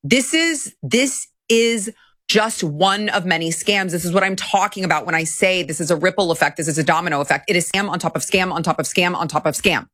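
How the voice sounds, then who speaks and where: A woman hosting a commentary talk show, talking in an indignant way that repeats itself and laughs quickly. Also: lowish voice, fairly bright tone, no room sound, clean studio sound. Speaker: host.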